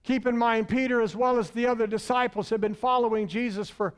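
A man preaching a sermon, swinging between booming emphasis and hushed, drawn-out lines. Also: steady tone, clean tone. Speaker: pastor.

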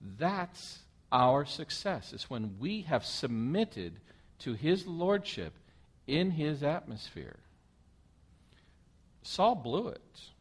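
A man's voice: fairly high pitch, slightly rough. A man preaching a sermon, reading a scripture passage aloud and breaking off to comment on it and put questions to his listeners. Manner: animated, asks the listeners questions.

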